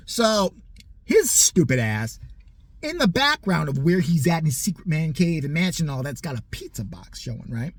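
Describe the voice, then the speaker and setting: A husky man in his forties tears into his targets with a profane, mocking comedic rant. His pitch leaps around as he heats up, and his voice has a rough, breathy grain throughout. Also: very animated, moderate pace, dry recording. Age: 40s. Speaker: comedic ranter.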